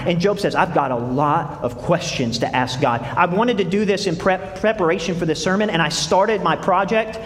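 A male pastor delivers a sermon in a high voice. He reads scripture passages aloud and puts questions straight to his listeners. The sound carries a long reverb, as in a large hall. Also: animated, normal speed.

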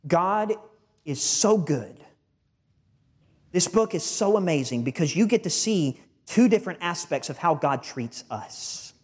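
A man preaching a sermon with a slightly high-pitched voice. He speaks earnestly and with emphasis, often stumbling into repeated words as his points build. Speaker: pastor.

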